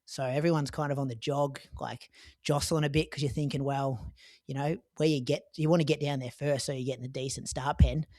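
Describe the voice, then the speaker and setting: A man's voice: medium pitch, fairly even intonation, fairly quick, darkish tone, no echo, clean studio sound. A man with an Australian accent, chatting on a running podcast and recounting a marathon with loose, filler-heavy storytelling. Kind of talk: casual podcast chat.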